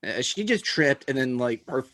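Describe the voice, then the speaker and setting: A man's voice: mid-range voice, sing-song, moderate pace, fairly bright tone, no room sound. Rambling self-mocking man on a podcast. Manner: rambling, self-deprecating, laughs at own jokes. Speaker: podcast co-host. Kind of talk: casual sports chat.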